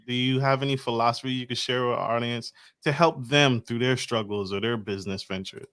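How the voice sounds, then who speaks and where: A man's voice: medium pitch, fairly even intonation, brisk, a bit bright, clear, resonant tone. A man hosting a podcast, hyping up his guest with casual slang and stumbling through his questions. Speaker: podcast host.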